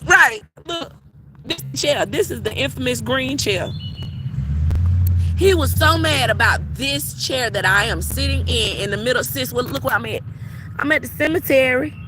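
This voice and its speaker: A woman's voice: high voice, moderate pace, over music. A woman tarot reader, talking bluntly and profanely in a casual vlog rant, recorded outdoors in a cemetery. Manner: blunt, profane, animated storytelling.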